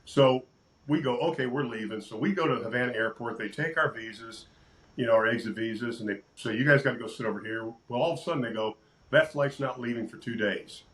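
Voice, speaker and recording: Older man telling lively stories. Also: medium pitch, a little fast, poor audio. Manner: animated storyteller, acts out quotes, laughs often. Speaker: sportscaster guest. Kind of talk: casual storytelling interview.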